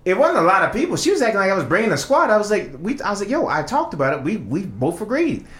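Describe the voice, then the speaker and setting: A man's voice: high voice, fast, echoey room. A man co-hosting a podcast, telling stories in casual chat with lots of laughter. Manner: animated storytelling, laughing often. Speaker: podcast co-host.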